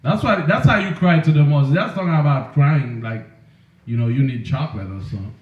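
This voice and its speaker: A man's voice: fairly high pitch, a little fast. A man teaching an informal Bible class in a casual, joking, preachy way, often asking the class questions. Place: room with a class. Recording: echoey room over a tinny phone-like line.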